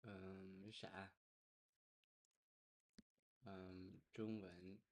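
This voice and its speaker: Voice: deep voice, little pitch movement, very slow, darkish tone. A viewer reacting to a language video, repeating the sounds aloud and making casual remarks.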